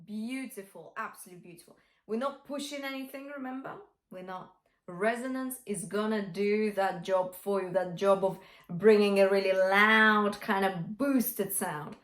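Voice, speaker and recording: A woman's voice: mid-range voice, moderate pace. A young adult woman vocal coach giving a singing lesson, encouraging and breaking into sung examples. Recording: roomy echo.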